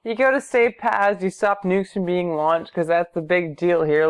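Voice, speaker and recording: A woman's voice: fairly low pitch, fairly even intonation, normal speed, few pauses, clear, resonant tone. A tipsy woman narrating a comic recap, rambling and swearing, with lots of "like". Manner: rambling, swearing, full of likes.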